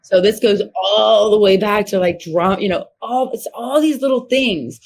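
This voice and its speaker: A woman in her fifties from Missouri, a horse trainer telling her story as a guest in an interview, acting out the voices of people she quotes. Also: moderate pace. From Missouri, USA. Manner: animated, acts out quoted voices with sharp pitch jumps.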